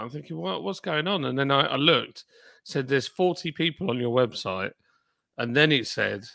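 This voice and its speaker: A man who co-runs a brewery, telling relaxed stories in a casual pub live stream chat. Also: medium pitch, dry recording. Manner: relaxed storytelling, trails off with ums. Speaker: brewery owner and co-host.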